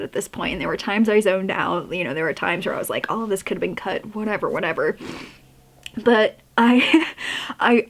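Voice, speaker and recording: Rambling young woman book vlogger. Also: medium pitch. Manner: rambling, emotional, laughs often, many fillers. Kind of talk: casual reading vlog chat.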